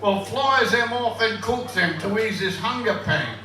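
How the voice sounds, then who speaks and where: A man's voice: high-pitched, measured pace, bright, forceful tone, voice pushed up. A man doing a Russian soldier, Vladimir. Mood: grumbling. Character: grumbling hungry male soldier. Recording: echoey pub room from a far-off mic.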